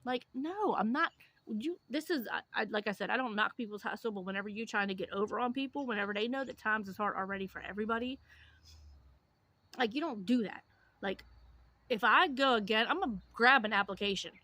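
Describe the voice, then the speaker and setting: Woman vlogger, chatty storytelling to camera, crisp bright tone, mid pitch. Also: fast talker, dry recording. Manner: chatty, animated retelling with lots of fillers. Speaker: YouTuber.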